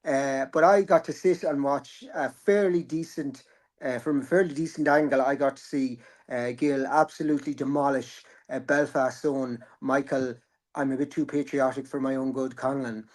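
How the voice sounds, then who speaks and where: A man's voice: medium pitch, fairly even intonation, moderate pace, darkish tone. A man, hosting a casual boxing chat, rambling and joking, swearing freely. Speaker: boxing podcast host.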